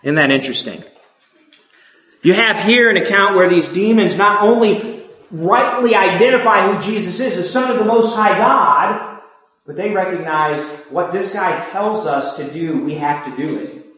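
A man's voice: high-pitched, moderate pace, fairly bright tone. A man preaching a sermon, emphatic and asking his listeners rhetorical questions. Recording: echoey room.

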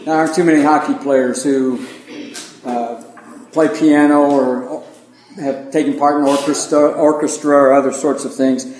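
A man's voice: fairly high pitch, fairly even intonation, moderate pace, darkish tone, roomy sound, a little hiss or hum, poor audio. A man preaching an evening Bible lesson in a conversational sermon style, folksy and self-deprecating, with plain asides to his congregation.

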